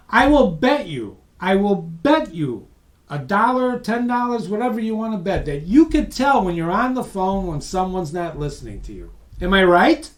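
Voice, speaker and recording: A man presenting a webinar as a lively, emphatic storyteller who speaks straight to his audience. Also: sits high, roomy sound. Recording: voice distant from the mic.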